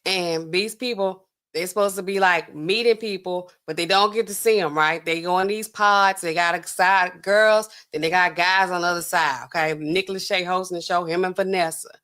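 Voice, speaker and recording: Animated woman telling a story casually. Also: lowish voice, moderate pace. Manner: animated, acts out dialogue with voices. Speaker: livestream host.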